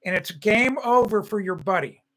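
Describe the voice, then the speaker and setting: A man's voice: high-pitched, animated, normal speed, fairly bright tone, low-quality recording. An older man hosting a livestream, ranting angrily and repeating phrases, then reading viewer comments and answering by name. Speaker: host of a home-building show.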